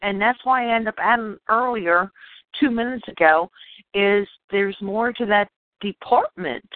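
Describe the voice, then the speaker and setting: A woman's voice: mid-range voice, measured pace, no room sound. A woman calling in to a group phone chat, apologetic and often trailing off mid-sentence. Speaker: caller. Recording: tinny phone line, dry.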